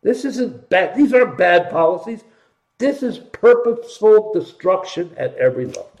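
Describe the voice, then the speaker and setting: Middle-aged male host, emphatic and sarcastic, high voice, roomy echoey sound. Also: animated, moderate pace, a little mellow. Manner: emphatic, sarcastic, repeats for stress. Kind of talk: political commentary show.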